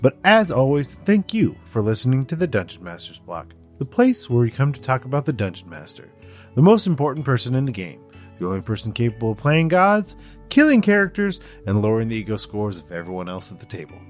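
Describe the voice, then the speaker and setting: A man hosts a casual podcast in his ordinary speaking voice, joking and restarting as he goes. His delivery is relaxed and loose, and a faint music bed plays underneath. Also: mid-range voice, fairly quick. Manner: chatty, jokey, with frequent fillers and restarts. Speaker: podcast host. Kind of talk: casual podcast chat and outro.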